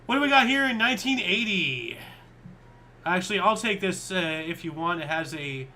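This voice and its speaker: A man's voice: high voice, expressive, moderate pace, sharp tone, slight background noise. A man co-hosting a history show, chatting casually and thinking aloud as he reads. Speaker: co-host.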